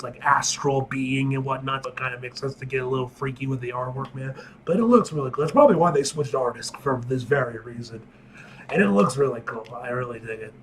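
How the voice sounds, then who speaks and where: A young man giving a casual comic-book reaction, excited, swearing and saying "like" and "bro" often. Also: medium pitch, a little hiss or hum.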